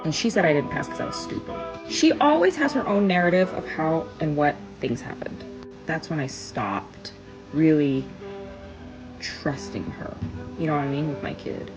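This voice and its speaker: A woman telling a personal story in an earnest, emphatic way, pausing on stressed words. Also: sits low, lively intonation, music in the background, poor audio.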